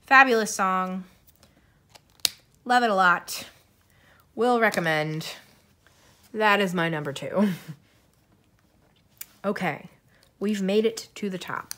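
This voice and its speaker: A woman's voice: lowish voice, measured pace, long pauses, sharp tone. A young woman chatting casually to camera as a vlogger, rambling and giggling between thoughts. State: coughing, tiring voice. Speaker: YouTuber.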